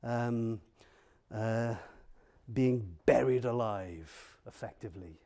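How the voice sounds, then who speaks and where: A man's voice: mid-range voice, slow, dark tone. A man preaching a sermon in a church, earnest, building with repeated phrases and asking the congregation direct questions.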